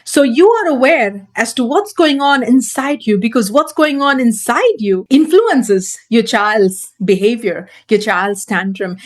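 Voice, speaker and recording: A woman parenting coach teaching straight to camera, earnest and emphatic, repeating her key points. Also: fairly high pitch.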